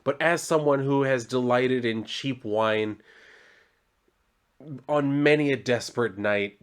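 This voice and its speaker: Man, mid pitch, recapping a comic casually with loose rambling and swearing. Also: unhurried. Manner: rambling, profane, heavy on "like". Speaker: comic book reviewer.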